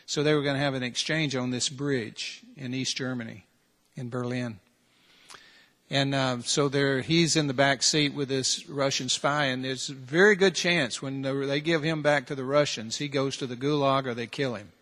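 A man's voice: medium pitch, steady tone, moderate pace, fairly bright tone. A man preaching a sermon in an earnest, direct manner, pressing his listeners with repeated challenges and rhetorical questions. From United States. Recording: long hall reverb.

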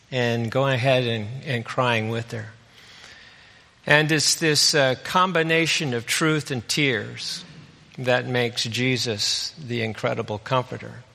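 Bright-voiced preacher in an echoing hall. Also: male voice, mid-range voice, gravelly. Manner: relaxed, folksy retelling of scripture. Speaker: pastor. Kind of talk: conversational sermon storytelling. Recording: long reverb of a hall.

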